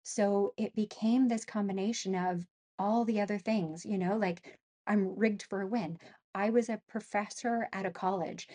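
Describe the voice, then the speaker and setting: A middle-aged woman talks as a guest in a casual interview. Her speech is halting, full of restarts and pauses as she searches for words, in a voice of ordinary middle pitch. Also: steady tone, dark tone. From northern Canada. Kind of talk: casual conversation.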